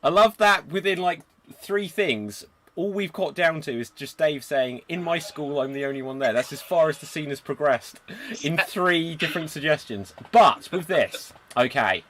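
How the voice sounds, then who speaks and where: Guy hosting improv over a video call, kinda high voice, snappy with the freezes. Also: lively intonation, fairly bright tone, slight background noise. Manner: brisk, calls out freezes and suggestions. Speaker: improv show host. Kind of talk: live online improv hosting.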